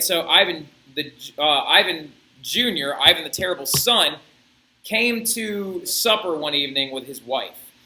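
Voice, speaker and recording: Male teacher, animated storytelling lecture, very bright voice, echoey room. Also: a little high, a little hiss or hum. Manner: animated, storytelling, keeps checking with "right?". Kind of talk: classroom history lecture.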